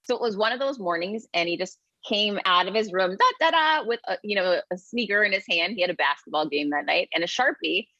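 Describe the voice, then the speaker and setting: Energetic woman guest, dull dry audio. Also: medium pitch, fairly quick, few pauses, no room sound. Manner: energetic, emphatic, upbeat. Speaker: guest, keynote speaker and author. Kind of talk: podcast interview, motivational storytelling.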